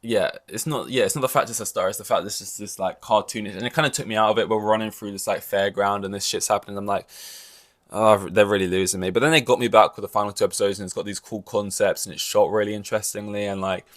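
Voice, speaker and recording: A man's voice: fairly low pitch, steady tone, quick pace, few pauses, fairly bright tone. A man hosting a podcast in loose, rambling casual chat, full of "like" and the odd swear word. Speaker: podcast host.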